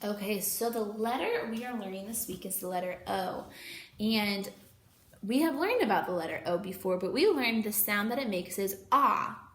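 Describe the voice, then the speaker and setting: A woman teacher giving an online lesson to young children, slowly and clearly sounding out letters and words. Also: medium pitch, animated, a bit bright, echoey room.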